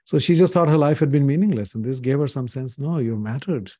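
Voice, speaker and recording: A fast-talking man in his sixties from India reflects on his life as a podcast guest, earnest and frequently saying "you know." His mid-range voice has a dark tone, and the recording is dry and studio-clean.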